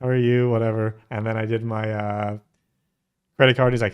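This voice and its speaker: A man's voice: lowish voice, flat delivery, moderate pace, clean tone. Chatty, jokey man co-hosting. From United States. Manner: chatty, jokey, laughs often. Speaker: reaction channel co-host. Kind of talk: casual reaction chat.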